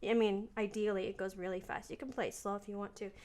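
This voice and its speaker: A woman piano teacher talking through her practice in a relaxed, chatty way, thinking aloud as she plays. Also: medium pitch, fast talker. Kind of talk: casual piano practice lesson. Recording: voice over loud piano playing. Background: piano playing.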